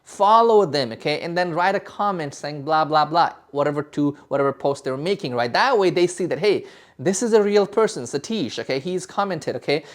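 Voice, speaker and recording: A man's voice: a little high, lively intonation, brisk. A man giving a sales lesson, talking emphatically and ending many sentences with "okay?" and "right?", often restarting words. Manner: repeats and restarts words while explaining. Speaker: sales coach. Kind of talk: instructional talk to camera.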